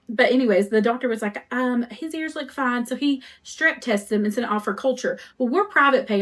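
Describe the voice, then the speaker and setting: Woman rambling to her viewers while making custom cups, kinda high voice, just chatting away. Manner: rambling, conversational, talks straight to viewers. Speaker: custom cup shop owner hosting a live stream. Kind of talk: chatty live-stream talk while crafting.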